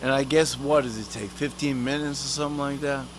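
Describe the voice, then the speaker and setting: A man's voice: medium pitch, fairly even intonation, fairly quick, noisy background. A man in a profane, rambling comic rant, full of street slang and swearing, who sometimes talks about himself in the third person. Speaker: vlogger.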